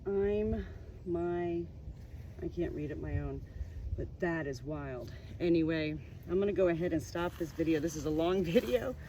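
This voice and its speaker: A woman vlogging as she cleans a gravestone, speaking softly and reverently and addressing the dead directly. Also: deep voice, normal speed. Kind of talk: casual narration while working. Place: outdoor cemetery. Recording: noisy outdoor audio with passing traffic.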